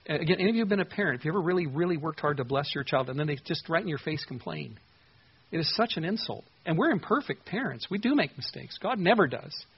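Husky man teaching the Bible, lo-fi. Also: a little high, very animated, fast talker. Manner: conversational and earnest, with emphatic stresses.

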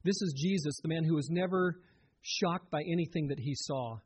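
Husky-voiced man preaching earnestly. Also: a little high, moderate pace, a little mellow. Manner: earnest, conversational preaching with direct questions to listeners. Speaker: pastor. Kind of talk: sermon.

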